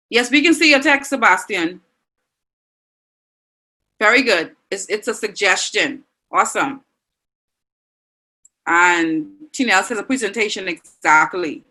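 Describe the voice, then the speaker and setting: A woman teacher with a Bahamian accent, leading an online class and warmly reading out and praising students' answers. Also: mid-range voice, rough recording. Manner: encouraging, reads students' answers aloud with frequent praise.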